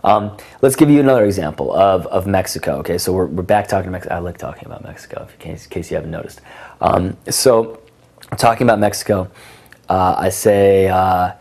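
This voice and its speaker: A man's voice: low-pitched, fairly quick, darkish tone. A young man giving casual dating advice in a teaching monologue, full of ums and acted example lines. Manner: casual, filler-heavy, acts out both sides of conversations. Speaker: dating coach.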